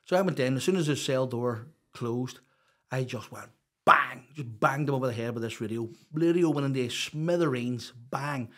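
A middle-aged Northern Irish man tells his stories in a loose, rambling way. He is blunt, swears freely and fills his talk with fillers. His voice sits at an ordinary middle pitch. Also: moderate pace, a bit bright. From Northern Ireland. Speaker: guest. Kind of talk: casual storytelling chat.

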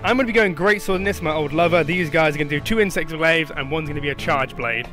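A high-pitched young man commenting on his game as he plays, excitable and foul-mouthed, joking and shouting at his teammates. Clear game music plays loudly behind him. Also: fast. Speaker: gaming channel host. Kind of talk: live gameplay commentary.

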